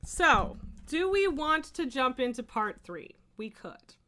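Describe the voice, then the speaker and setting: Lively bright-voiced woman streamer. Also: high-pitched, slow. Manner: animated, laughing, swears in outbursts. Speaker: streamer reading a book aloud. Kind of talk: casual live-stream reading with chat asides.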